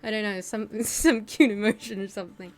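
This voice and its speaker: A woman's voice: mid-range voice, steady tone, a little fast. A young woman chatting casually during a group art session, giggling often and mocking herself as she trails off mid-thought. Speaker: group art stream participant. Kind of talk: casual chat.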